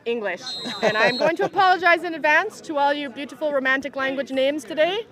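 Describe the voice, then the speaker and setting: A Canadian woman commentating a live match from the sideline, quick to exclaim at big plays. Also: sits high. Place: outdoor tournament sideline. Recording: outdoor crowd noise behind.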